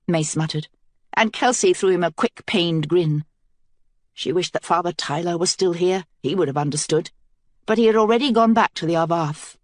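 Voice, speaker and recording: A woman reads the narration of an epic fantasy audiobook in a measured, steady voice. Her voice sits somewhat low for a woman. The studio sound is dry and close, with no room echo.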